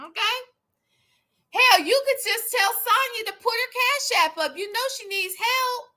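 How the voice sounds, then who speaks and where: A woman's voice: extremely high pitch, measured pace, sharp tone. A woman hosting a live stream, giving casual commentary in a sassy, profane and dramatic way.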